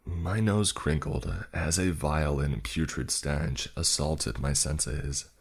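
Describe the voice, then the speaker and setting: A man's voice: rumbling low, slow pace, husky. A man narrating a first-person story in a wry, exasperated way.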